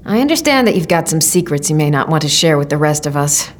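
A woman's voice: low voice, big pitch swings, fast, noisy background, pitched below the performer's own voice. A woman voicing a stubborn, sarcastic young woman in an audiobook. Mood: wry. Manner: wry, sarcastic.

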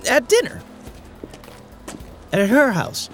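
A man's voice: very high-pitched, wildly swooping pitch, slow, full character voice. A man playing an earnest, people-pleasing teenage boy in an audio drama. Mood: eager. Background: music.

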